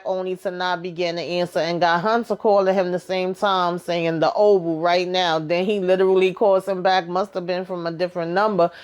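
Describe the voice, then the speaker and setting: A woman's voice: lowish voice, smooth. A woman giving a casual, colloquial recap of a TV episode, chatty and telling it like a story. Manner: chatty, colloquial storytelling, acting out characters' lines. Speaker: TV recap vlogger.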